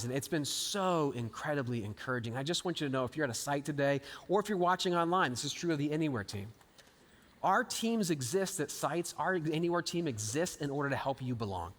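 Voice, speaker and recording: A man preaching a live sermon, animated, acting out scripture quotes and swinging between loud and hushed lines. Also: medium pitch. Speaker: pastor. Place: large church auditorium. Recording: live sermon with long hall reverb.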